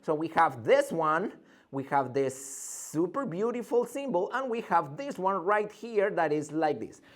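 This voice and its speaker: A male English teacher giving an energetic pronunciation lesson, theatrical and drilling sounds over and over. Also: sits high, measured pace.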